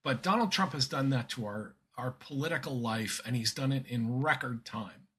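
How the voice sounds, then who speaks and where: Older American male guest, emphatic and earnest, bright and slightly husky tone. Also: medium pitch, normal speed. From United States. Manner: earnest, emphatic, with frequent restarts and fillers. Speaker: guest commentator. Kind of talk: conversational podcast interview.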